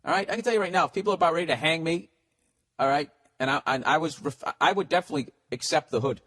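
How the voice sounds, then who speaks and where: A man's voice: a little high, fast talker, a bit bright. Blunt, foul-mouthed male podcast host. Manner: blunt, heavily profane, ranting. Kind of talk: profane advice rant.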